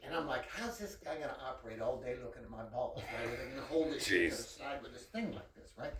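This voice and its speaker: A man telling a profane, animated story full of quoted dialogue in a casual chat with a friend. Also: mid-range voice, fast, echoey room, far from the mic, crowd noise, poor audio. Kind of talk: casual anecdote told to a friend.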